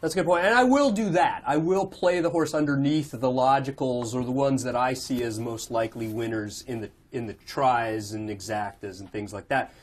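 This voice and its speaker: Podcast host guy, mid pitch, easygoing, agrees a lot. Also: normal speed, hardly any pauses. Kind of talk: casual podcast discussion.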